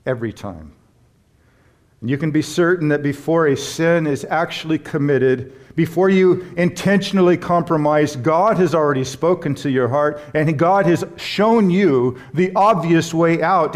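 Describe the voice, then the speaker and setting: A man preaching a sermon, emphatic and stressing key words, with humorous asides and short stories. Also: fairly high pitch. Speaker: pastor.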